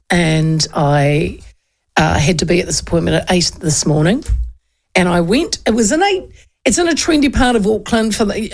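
A woman's voice: fairly low pitch, creaky. A woman radio host, telling a chatty story and acting out the people in it. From New Zealand. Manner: chatty storyteller, animated quoted voices. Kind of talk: casual radio chat.

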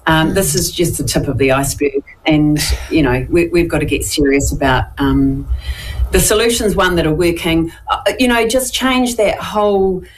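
Earnest NZ woman councillor on talk radio, lowish voice, faint background noise. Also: moderate pace, low-quality recording. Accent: New Zealand. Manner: earnest, emphatic. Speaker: regional councillor and advocate. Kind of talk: radio phone-in interview.

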